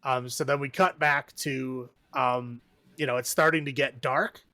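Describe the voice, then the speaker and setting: A man's voice: medium pitch, steady tone, unhurried, sharp tone, no room sound. A man casually recapping a horror movie on a podcast, rambling, laughing often and acting out the characters' lines. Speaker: podcast co-host.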